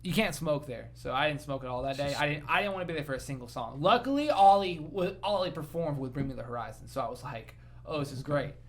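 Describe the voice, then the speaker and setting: A man's voice: a little high, expressive, fast, hardly any pauses. A man co-hosting a podcast, telling rambling, profane stories with enthusiasm in casual chat. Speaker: podcast co-host.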